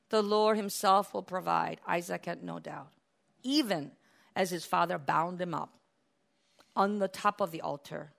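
A woman preaches a sermon in a bright, forceful, creaky voice pitched in a woman's middle range. She tells the scripture as a lively story, breaking into laughs and acting out the quotes.

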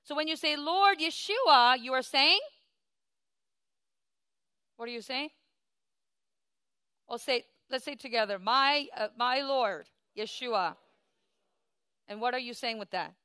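Woman preacher, bright clear voice, dry close sound, emphatic sermon delivery with soft-to-loud swings. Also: on the high side, dry recording.

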